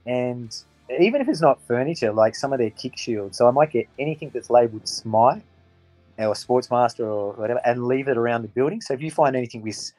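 A man's voice: mid-range voice, animated, a little fast, darkish tone, no echo, faint music behind, rough recording. A man rambling through ideas in a casual chat, thinking aloud.

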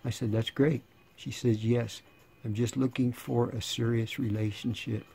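A man in his sixties, rambling and sarcastic in a casual monologue, slightly hoarse. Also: mid-range voice, flat delivery, a little slow, mellow. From United States. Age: 60s. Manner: sarcastic, rambling, laughing between lines. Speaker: channel host.

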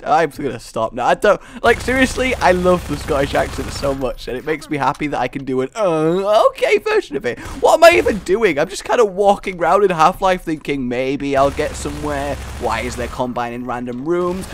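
A man's voice: a little high, big pitch swings, normal speed, hardly any pauses. A man giving rambling, silly, self-mocking gameplay commentary. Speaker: game commentator.

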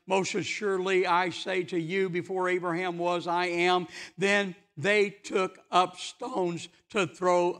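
A man preaching a sermon in a church, his voice unusually high and bright. He drives his points home with emphatic rhetorical questions and short, insistent answers. The delivery stays fervent and forceful throughout. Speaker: pastor.

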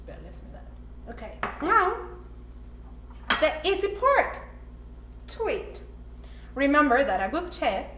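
A woman whose first language is Spanish gives a playful cooking lesson to children, talking in an animated, sing-song way with many excited gasps. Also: on the high side, reverberant, a little hiss or hum. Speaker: teacher for children.

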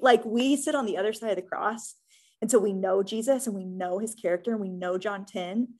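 A woman's voice: medium pitch, fairly quick, darkish tone. Earnest young woman teaching Bible study. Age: young adult. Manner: casual and earnest, many "um"s and "right?"s.

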